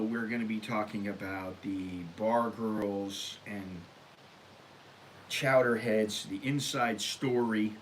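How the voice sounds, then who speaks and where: An American man hosting his own vlog, talking casually and bluntly, rambling and working himself up into loud rants. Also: fairly low pitch, a little hiss or hum. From United States. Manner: rambling, blunt, gets worked up and loud when ranting. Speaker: vlog host. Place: Thailand.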